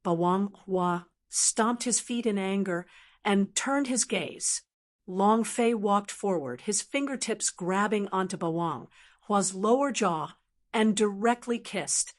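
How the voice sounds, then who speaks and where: A woman narrating a translated fantasy novel as an audiobook in a steady reading voice. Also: mid-range voice, slow pace. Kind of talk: scripted narration.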